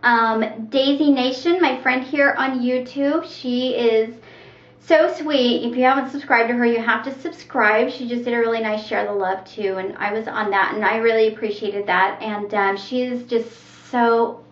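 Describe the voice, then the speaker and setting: A woman's voice: on the high side, steady tone, moderate pace. A middle-aged woman vlogging in a rambling, chatty way, often laughing as she talks. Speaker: YouTube vlogger. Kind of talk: casual chat. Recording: echoey room, dull lo-fi sound.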